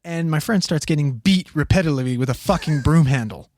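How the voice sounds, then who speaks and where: A man telling a long, profane story in casual podcast chat, animated and acting out the quotes. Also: on the high side, a little fast, no echo, clean studio sound.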